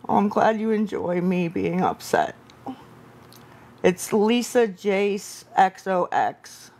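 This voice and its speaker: A woman's voice: medium pitch, sing-song, slow pace, a little mellow. A woman hosting a late-night live stream, answering viewer comments in a weary, apologetic way while tired and upset. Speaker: livestream host.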